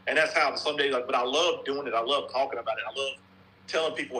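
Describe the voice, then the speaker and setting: Bright-voiced rambling casual man. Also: medium pitch, fast talker, slight background noise, poor audio. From North Carolina, USA. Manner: rambling, repeats himself, swears casually. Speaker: softball bat reviewer and podcast guest. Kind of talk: casual podcast chat.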